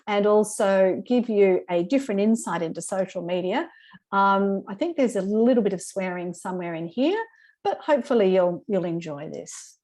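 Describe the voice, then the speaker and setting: A woman's voice: mid-range voice, expressive, normal speed, warm tone. Chatty Australian woman presenting. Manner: chatty, informal. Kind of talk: webinar presentation.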